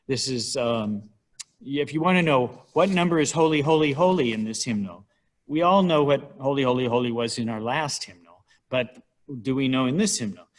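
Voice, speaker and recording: A man's voice: mid-range voice, moderate pace. A middle-aged man giving an informal, wry talk on hymnals at a church, chatting and sometimes counting syllables aloud.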